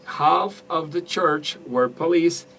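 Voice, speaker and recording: Slow, hesitant radio co-host man. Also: fairly high pitch, creaky, a bit bright. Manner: hesitant, searching for words. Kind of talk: casual radio chat about films. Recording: distant mic with some background noise.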